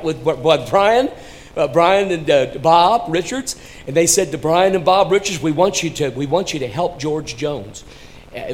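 Male preacher, mid-pitched, with big dynamic swings and a faint hiss of room noise underneath. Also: low-quality recording. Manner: dynamic swings between soft and loud, addresses listeners by name. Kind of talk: sermon.

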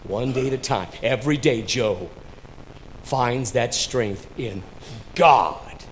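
Male preacher, mid-pitched, with big dynamic swings and a faint hiss of room noise underneath. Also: a little slow, poor audio. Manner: dynamic swings between soft and loud, addresses listeners by name. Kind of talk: sermon.

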